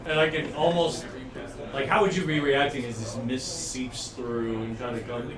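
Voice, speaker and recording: A man's voice: mid-range voice, fairly even intonation, normal speed, echoey room, far from the mic, crowd noise. A man narrating a tabletop game as dungeon master, loose and rambling, laughing often.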